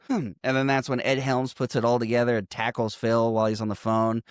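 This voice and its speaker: A man co-hosting a podcast, casually recapping a movie in animated fashion, swearing and acting out the characters' lines. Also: mid-range voice, a little fast, clean tone, no room sound, studio quality. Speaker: podcast co-host.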